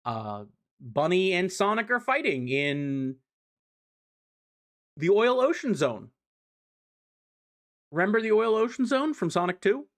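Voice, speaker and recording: A man's voice: high-pitched, big pitch swings, slow pace, long pauses. A man streaming a casual comic recap, loose and profane, full of "um" and "like", giving enthusiastic fan opinions.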